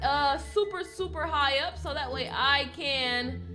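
A woman's voice: sits high, unhurried, music in the background. A woman narrating a game role-play in character, chatty and pleading, with dramatic outbursts. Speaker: role-play channel host.

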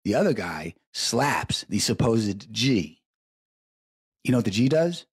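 A man's voice: on the low side, very animated, slow, husky, dry recording, studio quality. A middle-aged man hosting a live show, telling crude stories in a profane, rambling way and repeating his words for emphasis, while stoned. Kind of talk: crude stream-of-consciousness storytelling.

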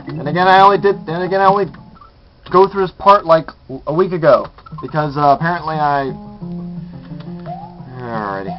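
A man's voice: fairly high pitch, expressive, brisk, long pauses. A man commenting on his own gameplay, muttering, exasperated and cursing at his mistakes. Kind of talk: frustrated let's play commentary. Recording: dull lo-fi capture with loud guitar music. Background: guitar music.

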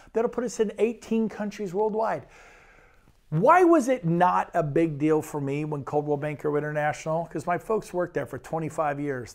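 With a fairly high, creaky, slightly mellow voice, a man from Sacramento, California pitches his real estate brokerage. He's enthusiastic and rambles, often repeating himself.

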